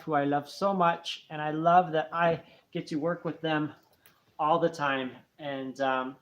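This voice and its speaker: A man's voice: fairly high pitch, fairly bright tone. A man in his thirties, hosting a casual late-night livestream, friendly and rambling as he thanks viewers. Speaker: channel host.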